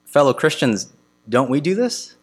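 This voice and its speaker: A man preaching a sermon to his congregation, asking earnest rhetorical questions with emphatic pauses. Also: fairly high pitch, sing-song, husky. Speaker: pastor.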